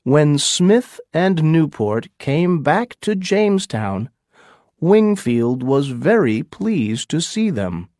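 A man narrating a graded-reader audiobook for learners in a slow, clear reading voice. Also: a little high, sing-song, darkish tone, dry recording, clean studio sound.

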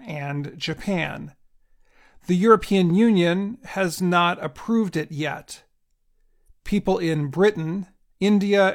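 A man reads a news report aloud in a measured, scripted way meant for learners. His voice sits high and carries a gravelly edge. He takes his time over every phrase. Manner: deliberate, evenly paced delivery. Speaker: news reader.

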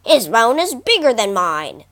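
A naughty, greedy dog from a storybook, boastful with a growl in him, as a woman reads him out. He speaks slowly, his high voice leaping about. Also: sing-song, fairly bright tone, full character voice.

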